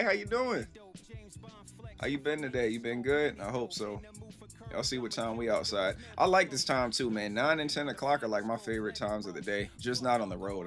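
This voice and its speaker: Rambling, animated man streaming live. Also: lowish voice. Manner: animated, acts out quoted voices, loose and rambling. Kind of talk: casual storytelling to chat.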